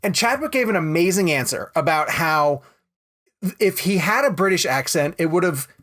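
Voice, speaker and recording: A man hosting a casual movie podcast, telling long rambling stories in an animated way. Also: on the high side, moderate pace. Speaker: podcast host.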